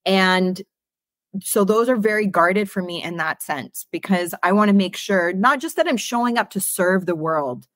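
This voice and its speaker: Clean, echo-free studio audio captures this Canadian podcast host from the Greater Toronto Area. Her medium-pitched, slightly bright voice has lively intonation and a normal speed as she runs a casual interview in an emphatic, motivational style, tossing in casual swearing.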